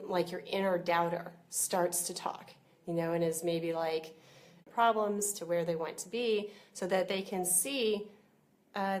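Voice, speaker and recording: A woman gives a casual business training on a live stream, talking through a computer mic. She is chatty and relaxed, with lots of "you know" and restarts. Her voice sits in an ordinary middle range. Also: mid-range voice. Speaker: business coach. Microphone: computer or webcam mic.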